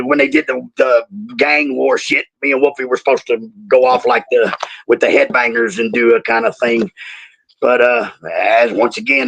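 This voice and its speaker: A man's voice: medium pitch, fairly quick, a bit bright, low-quality recording. A man in his sixties telling profane, comic wrestling stories in a Southern-tinged Australian accent, laughing at his own jokes and playing mock-aggrieved. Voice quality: gravelly, husky. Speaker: wrestling podcast guest telling road stories. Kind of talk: profane comedic storytelling.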